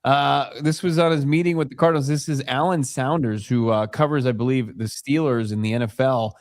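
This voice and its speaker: A man's voice: medium pitch, fairly even intonation, fairly quick. A man co-hosting a sports talk show, wry and teasing, often reading quotes aloud.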